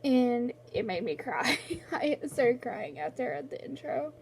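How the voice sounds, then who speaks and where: A woman's voice: high-pitched, animated, unhurried, gravelly, slight background noise. A young woman vlogging casually at home about books, rambling with lots of fillers and restarts, close to tears. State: tearful, on the verge of crying. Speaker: book vlogger. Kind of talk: casual vlog chat.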